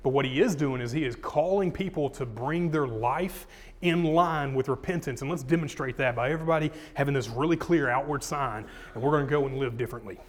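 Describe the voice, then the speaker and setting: Pastor guy teaching a sermon, chatty and casual, mid pitch, leans into the scripture readings. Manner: casual, talks with the congregation, reads scripture with rising emphasis.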